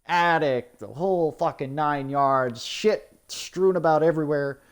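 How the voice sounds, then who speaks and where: A man's voice: fairly high pitch, a little slow, clean tone. Young male gaming host, profane rant, sarcastic quoting, exasperated. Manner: swearing often, exasperated, mocking in put-on quotes. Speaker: gaming YouTuber. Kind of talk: post-game commentary rant.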